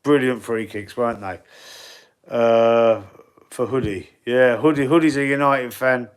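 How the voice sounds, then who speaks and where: A Cockney-accented man from England hosts a laid-back football-fan live stream, reading the chat and rambling in slang. His smooth, mid-range voice is unhurried, and his chatty style has him repeating words and restarting.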